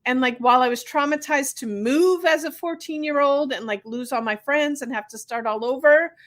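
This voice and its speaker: A woman host talks in easy, chatty conversation, quick and earnest as she shares her own experiences. Her voice sits a little high for a woman. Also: fairly bright tone. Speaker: podcast host, physical therapist. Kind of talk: casual conversation.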